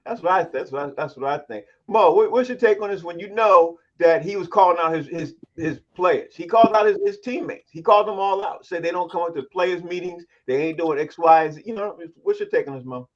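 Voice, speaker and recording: A man's voice: high-pitched, brisk, hardly any pauses. A man hosting a casual sports talk panel, steering the talk and calling on each guest by name. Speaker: host. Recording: dull lo-fi audio.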